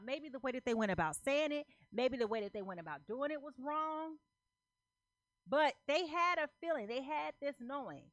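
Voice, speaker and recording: A woman's voice: high voice, fairly bright tone, no room sound. Emphatic woman tarot reader, dry sound. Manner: emphatic, repeats phrases, checks in with "okay?"; loose slangy talk. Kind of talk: casual tarot reading to camera.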